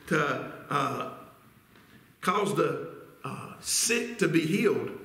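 A man's voice: a little high, expressive, bright, forceful tone. Earnest preaching man in an echoey church. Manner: earnest, deliberate preaching with rhetorical questions. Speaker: pastor. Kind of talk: sermon. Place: church sanctuary.

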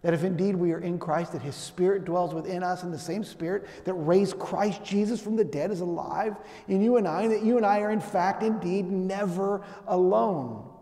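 A man's voice: high voice, moderate pace, few pauses, dark tone. A middle-aged male pastor preaching a sermon in a conversational, storytelling way. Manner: conversational storytelling with acted asides. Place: church sanctuary. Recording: long hall reverb.

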